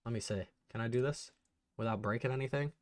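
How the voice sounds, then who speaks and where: A man hosting a casual livestream, chatting excitedly and answering viewers' messages. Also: medium pitch, fast, slight background noise. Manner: chatty, reads and answers live chat, excitable. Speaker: bourbon channel host.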